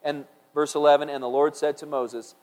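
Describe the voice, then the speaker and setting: A man's voice: fairly high pitch, little pitch movement, brisk, a little mellow. A man preaching a sermon, reading scripture aloud and acting out the quotes with big swings in volume. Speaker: pastor. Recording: long hall reverb.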